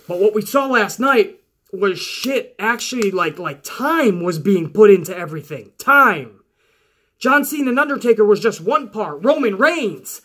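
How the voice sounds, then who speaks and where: A man with a rather high voice talks through a wrestling show in a loose, casual recap. He swears freely and gets worked up as he goes, ranting with excitable energy.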